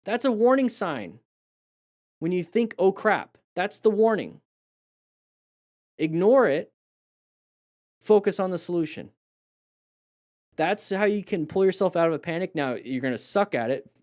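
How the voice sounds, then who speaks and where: A slightly high-voiced man talks riders through crash footage in a loose live-stream coaching style. He hammers key phrases again and again and plays out a rider's panicked reactions to make his point. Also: expressive, a little slow, long pauses, darkish tone. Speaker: motorcycle riding coach. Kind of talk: live crash-video review, casual coaching.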